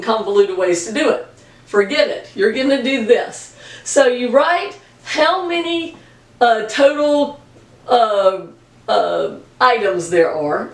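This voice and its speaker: A woman math teacher giving a recorded lesson, talking straight to her students in a brisk, direct way and repeating her key points. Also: a little high, far from the mic. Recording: roomy echo, voice off-mic.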